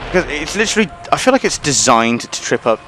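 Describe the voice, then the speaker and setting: A man's voice: a little high, big pitch swings, fast talker, crowd noise. A man streaming a game in casual chat, rambling and swearing casually.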